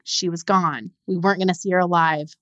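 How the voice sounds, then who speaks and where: Young woman, lowish voice, halting grief story, dry muffled podcast sound. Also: fairly even intonation, fairly bright tone, no room sound. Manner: halting, repeats words when upset. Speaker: podcast guest. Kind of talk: emotional personal storytelling.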